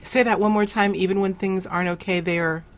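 A woman's voice: mid-range voice, steady tone, brisk. A woman hosting an interview, asking reflective, probing questions. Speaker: host.

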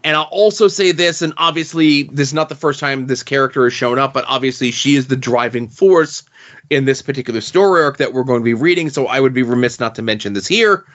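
A man's voice: medium pitch, quick pace, a bit bright. A man co-hosting a casual comic book podcast, making thoughtful points at length. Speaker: podcast co-host. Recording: dull lo-fi podcast audio.

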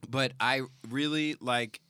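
Man, forties, podcast co-host; bright tone, self-deprecating, laughs a lot. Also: medium pitch, fairly even intonation, slow, clean tone, no room sound. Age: 40s. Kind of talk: casual banter.

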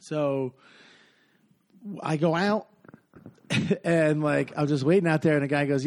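A man's voice: fairly high pitch, moderate pace, pauses often, darkish tone. A man telling a long story in casual podcast chat, rambling with many fillers and acting out what people said.

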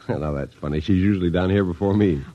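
A man playing a breezy middle-aged Air Force colonel and father in a 1950s radio drama, talking in a brisk, offhand way. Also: low voice. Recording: dull old radio broadcast.

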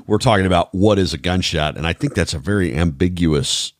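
A man hosting a podcast, talking in a measured, thoughtful way with many fillers. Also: low-pitched, no echo, studio quality. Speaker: podcast host, former trauma responder. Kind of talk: casual podcast conversation.

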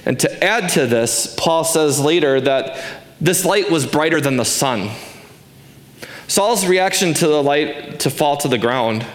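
A man's voice: on the high side, lively intonation, unhurried, reverberant. A man in his forties giving a sermon as pastor, earnest and emphatic, asking rhetorical questions. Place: church sanctuary.

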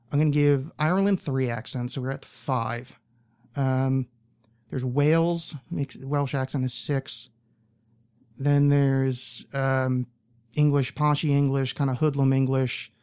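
A man's voice: mid-range voice, a little mellow. Rambling, swearing American man. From United States. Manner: rambling, profane, with many fillers and restarts. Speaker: podcast host. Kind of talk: casual solo podcast monologue.

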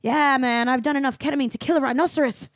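A woman's voice: high voice, steady tone, fast, no room sound, clean studio sound, close to an everyday voice. A woman voicing a stoned, drifting male Australian surfer who is loose and friendly. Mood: dazed friendly.

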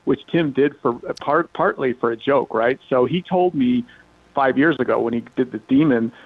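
A man's voice: mid-range voice, normal speed, slightly rough, no echo, phone-quality sound. A man, an automotive industry analyst, enthusiastically explaining car facts as a radio guest. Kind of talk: casual radio interview.

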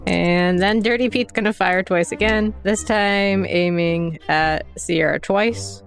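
Woman game master, brisk, even mid-range voice, faint music under. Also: mid-range voice, creaky. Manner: brisk, laughs often. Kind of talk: running a tabletop game.

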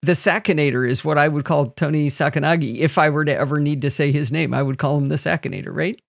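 A man's voice: on the high side, fairly even intonation, quick pace, creaky, no room sound, studio quality. A man chatting casually on a podcast, playful and telling anecdotes. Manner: playful, storytelling. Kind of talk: casual chat.

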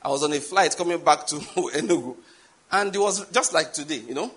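In his sermon, a preacher with a Nigerian accent recounts a story at a fairly quick clip, his voice slightly rough. He hits important words hard, springing high and loud on them.

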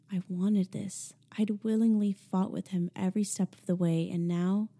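A woman reading a novel aloud as a first-person audiobook narration, measured and intimate. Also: on the low side, dark tone.

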